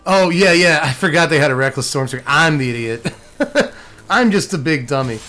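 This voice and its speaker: A gameplay streamer with a fairly high voice comments casually on his own online card game at normal speed, with faint music behind him. He is animated, talks to himself and the game, and breaks into exasperated rants when plays go wrong.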